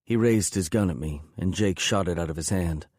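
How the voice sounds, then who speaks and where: Deep, dark-toned male audiobook narrator. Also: normal speed, dry recording, studio quality. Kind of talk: scripted first-person narration.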